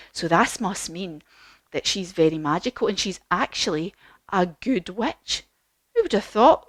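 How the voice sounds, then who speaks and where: A woman leading a children's yoga class as a story, animated and encouraging, with gasps and questions. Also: medium pitch, no echo. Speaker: kids yoga teacher.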